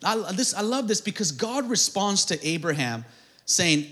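A high-pitched man preaching to a congregation. He calls for answers and repeats key lines. His voice swells into shouted, fervent peaks. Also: big pitch swings, normal speed. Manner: call-and-response preaching, builds to shouted climaxes; acts out prayers in a mumbled comic voice. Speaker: pastor. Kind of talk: sermon.

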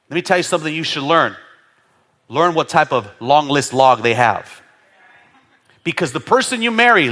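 High-voiced man preaching with animated laughter. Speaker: pastor. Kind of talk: sermon.

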